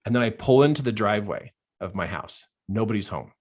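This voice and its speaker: Speaking on the low side and a little fast, a man tells a personal story during a live coaching talk. His earnest delivery sinks to a hushed voice in dark parts and picks up with animation in others.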